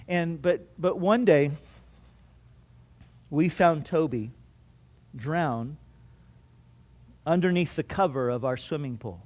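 A middle-aged male pastor preaching a sermon, telling a personal story earnestly and swinging between loud and hushed. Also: high-pitched. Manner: earnest storytelling with restarts and strong swings in loudness.

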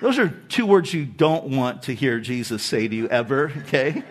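A man's voice: medium pitch, normal speed. A man preaching a sermon, telling Bible stories with conversational asides and acting out the quoted lines. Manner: animated, acts out quoted speech, conversational asides. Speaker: pastor.

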